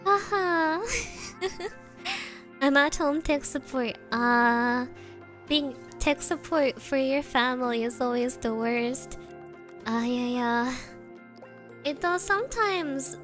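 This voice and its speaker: A woman's voice: high-pitched, slow pace, soft background music. A young woman telling stories casually on a livestream, full of fillers and the odd Japanese word. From Germany. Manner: animated, many fillers, sprinkles Japanese words. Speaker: streamer.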